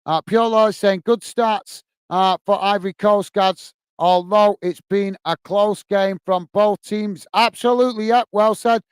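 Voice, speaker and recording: A man's voice: sits high, fairly even intonation, smooth, dry recording. A man hosting a live football watch-along, reading out viewer comments and thanking them in a cheerful casual chat. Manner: upbeat, thanks viewers warmly, reads comments aloud slowly. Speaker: host.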